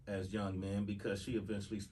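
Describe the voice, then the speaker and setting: A man's voice: on the low side, little pitch movement, fairly quick, dark tone. A man hosting a radio interview, asking probing questions and adding short affirmations. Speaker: radio show host. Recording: distant mic with faint noise.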